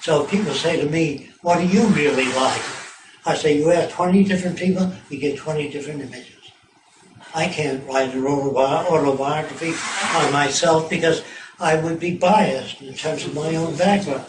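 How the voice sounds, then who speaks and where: A man's voice: on the high side, normal speed. Blunt older man lecturing in a hall. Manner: blunt, profane and sardonic. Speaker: lecturer on tour. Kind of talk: informal public talk. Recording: echoey hall from far off, noisy.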